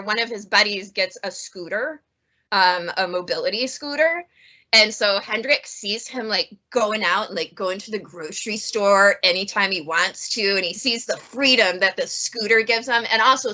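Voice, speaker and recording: A woman's voice: mid-range voice, pushed and bright, muffled recording. A woman librarian chatting casually about funny books she has read, laughing often as she talks. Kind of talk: casual book review chat.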